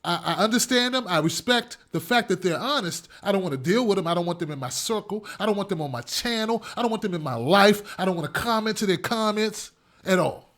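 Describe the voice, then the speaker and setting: A man's voice: sits high, animated, a little fast, fairly bright tone. A man hosting his own show, delivering an emphatic, repetitive opinion monologue with a ranting edge. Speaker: show host.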